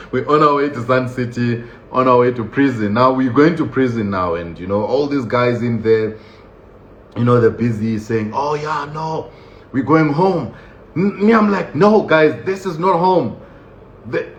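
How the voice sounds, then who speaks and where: Laughing man telling a story, roomy dull sound. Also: medium pitch. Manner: animated, laughing, acts out voices of others, many fillers. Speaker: vlogger recounting his prison experience. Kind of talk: casual storytelling monologue. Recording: dull, roomy recording with faint noise.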